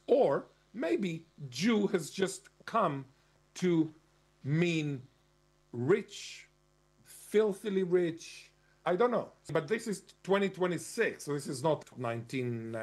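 A man's voice: a little high, a little mellow. A man giving an argumentative lecturing monologue, stressing key words and spelling out terms. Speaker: commentator.

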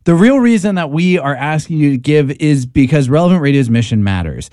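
A man's voice: on the high side, expressive, mellow, dry recording, clean studio sound. A man co-hosting a radio pledge drive, making an earnest, persuasive appeal with some stumbles. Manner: earnest, persuasive, quick with repetitions. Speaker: radio co-host.

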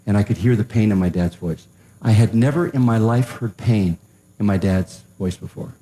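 A man's voice: fairly low pitch, mellow. Older man telling a story in an echoey hall. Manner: conversational, with pauses and restarts. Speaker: speaker telling a family story. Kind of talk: humorous storytelling to a live audience. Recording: roomy echo.

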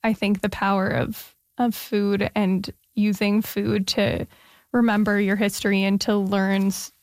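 A woman's voice: medium pitch, little pitch movement, a little slow, dry recording, studio quality. A woman hosting an interview, asking attentive, thoughtful questions. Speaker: interviewer host. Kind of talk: conversational interview.

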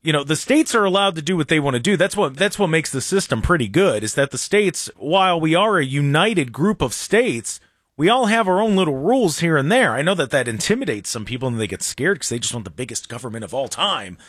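A male talk radio host in a studio, giving opinions in an animated, sarcastic way. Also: fairly high pitch, a little fast, breathy edge, no room sound. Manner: animated, sarcastic, mocks others in silly voices. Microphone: studio microphone.

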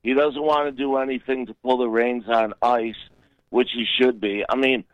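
A man's voice: medium pitch, steady tone, moderate pace, dry recording, muffled recording. A man calling in to a radio talk show, earnest and indignant, pressing his point insistently. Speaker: caller.

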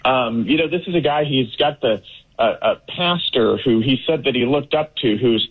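A man's voice: mid-range voice, expressive, normal speed, husky. Indignant man over a tinny line. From Texas. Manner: emphatic, indignant, many fillers. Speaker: political guest. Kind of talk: remote interview.

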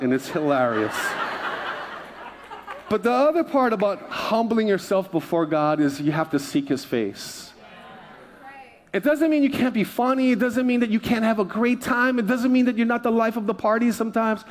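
Joking pastor with a higher voice. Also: male voice, animated, normal speed. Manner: humorous storytelling with repeated phrases; asks the congregation for responses. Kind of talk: sermon.

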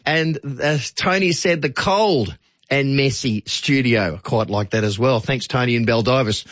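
A man's voice: mid-range voice, unhurried, a bit bright, no echo, highs cut off. A man with an Australian accent hosting a radio show in a chatty, jokey way, reading out listener texts. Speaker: radio host. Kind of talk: casual radio chat.

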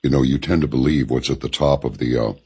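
A man's voice: very deep voice, quick pace, warm tone, breathy edge. A male host interviewing a political guest, agreeable and hesitant, with many fillers.

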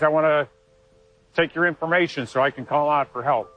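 A man telling a personal story in an interview, earnest and halting, with frequent restarts. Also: a little high, a bit bright, faint music behind, rough recording. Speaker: interviewee, former Marine.

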